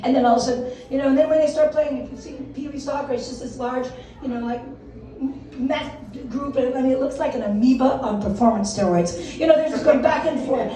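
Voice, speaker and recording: A woman's voice: high voice, fast talker, dark tone, a little hiss or hum. An older woman doing a stand-up comedy set, self-deprecating and laughing through her own jokes. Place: stage in a room. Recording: echoey room, mic far off.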